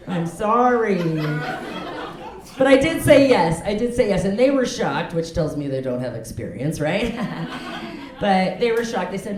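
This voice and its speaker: A woman's voice: fairly high pitch, lively intonation, unhurried, pauses often. A woman in her forties doing a stand-up comedy set in a comedy club, talking frankly and laughing at her own jokes. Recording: echoey club with loud crowd. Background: audience laughter.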